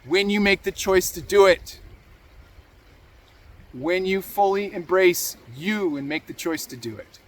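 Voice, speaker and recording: A man's voice: high voice, measured pace, pauses often. A man hosting a motivational talk, earnest and encouraging, repeating key phrases for emphasis. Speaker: podcast host.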